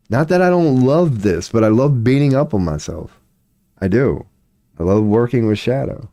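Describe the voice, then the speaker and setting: A young man talks through his livestream in a loose, rambling way, knocking himself down and swearing freely. His voice is mellow and soft-edged, but his pitch jumps around a lot. The sound is close and dry, with no room echo. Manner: rambling, self-deprecating, heavy slang and swearing. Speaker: live streamer. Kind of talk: casual livestream monologue.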